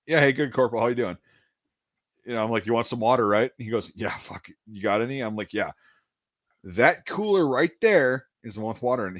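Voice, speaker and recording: With a medium-pitched voice and no echo, a Wisconsin man hosting a podcast rambles through a story in laid-back conversation, repeating words and performing other people's lines. The recording sounds dull, dry, and lo-fi.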